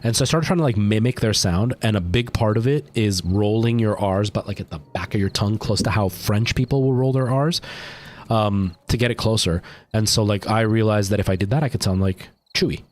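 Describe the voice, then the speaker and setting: A man's voice: fairly low pitch, a little fast, darkish tone. A man livestreaming a game, chatting casually and rambling to his chat while he plays. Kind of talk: casual gameplay stream chat.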